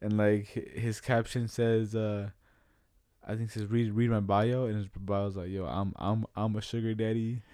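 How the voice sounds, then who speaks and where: Young male co-host from Utah, slangy easygoing chat, warm low tone, dry sound. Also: level tone, normal speed, clean tone, no echo. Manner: laid-back slangy, trailing off, says dog and bro. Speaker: podcast co-host. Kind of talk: casual chat.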